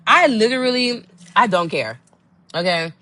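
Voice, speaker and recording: A woman hosting a podcast, telling a dating story in a sassy, animated way and acting out what people said. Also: mid-range voice, unhurried. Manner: animated, sassy, acts out quotes. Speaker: podcast host. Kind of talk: casual storytelling monologue.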